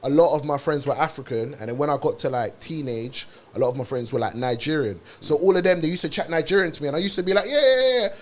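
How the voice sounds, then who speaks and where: A man's voice: fairly high pitch, fast talker, few pauses. A young British man telling a story on a podcast in casual, slangy chat. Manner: lively storytelling, uses London slang like innit and bro.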